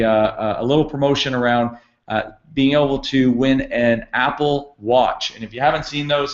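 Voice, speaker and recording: A man's voice: medium pitch, lo-fi sound. A middle-aged man hosting a company conference call, speaking in an upbeat, promotional way with frequent fillers. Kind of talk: enthusiastic sales kickoff call. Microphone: conference call line.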